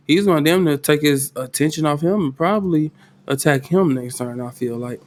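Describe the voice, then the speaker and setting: A man running a solo tabletop game as game master, talking loosely in slang and thinking out loud. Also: fairly high pitch, moderate pace. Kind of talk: casual tabletop game narration.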